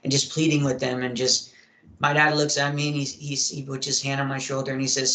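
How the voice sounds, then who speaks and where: A man's voice: medium pitch, completely flat delivery, a little fast, pushed and bright. Man telling his story in an echoey room. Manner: rambling, many fillers and throat clearing. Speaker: interview guest. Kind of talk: casual storytelling in an interview.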